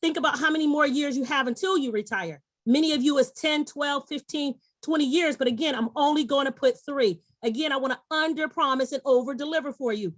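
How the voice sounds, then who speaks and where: A woman's voice: sits high, brisk, hardly any pauses, no room sound. A middle-aged woman giving an enthusiastic, persuasive sales presentation online, talking straight to her audience.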